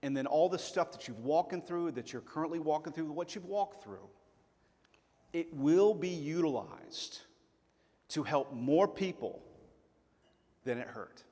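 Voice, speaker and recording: A man from Chattanooga preaching a sermon as pastor, earnest and emphatic, slowing down to stress key words. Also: fairly high pitch, expressive, warm tone, long reverb tail. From Chattanooga, Tennessee. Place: church sanctuary.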